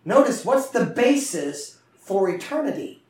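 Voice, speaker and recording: Impassioned preacher in an echoey church. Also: male voice, high voice, very animated, unhurried, darkish tone, slight background noise. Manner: impassioned, call-and-response preaching. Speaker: pastor. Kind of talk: sermon. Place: church sanctuary. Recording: echoey room from far off.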